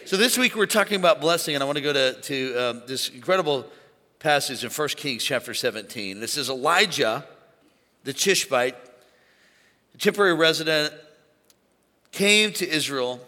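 A man preaching an animated sermon to a church congregation, calling on them to shout along. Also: a little high, moderate pace, long pauses. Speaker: pastor. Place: large church auditorium. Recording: long hall reverb.

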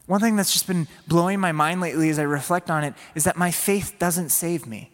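A man delivers a sermon with an earnest, conversational manner. His voice sits a little high for a man. It carries a long hall reverb, as in a church sanctuary. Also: brisk. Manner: earnest, voices Peter's inner plea in a raised pleading tone. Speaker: preacher.

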